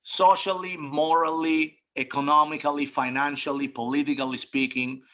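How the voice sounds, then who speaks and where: A man's voice: fairly high pitch, level tone, normal speed, sharp tone. A middle-aged man, a restaurant company boss, answering interview questions bluntly at home, with emphatic restarts and some casual swearing. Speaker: restaurant group CEO, interview guest. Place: home office. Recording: dull lo-fi sound.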